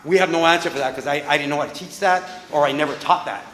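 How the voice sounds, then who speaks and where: A man's voice: on the high side, quick pace. A man working as a boxing trainer, talking bluntly and with plenty of profanity as he coaches in a boxing gym. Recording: echoey hall with long reverb.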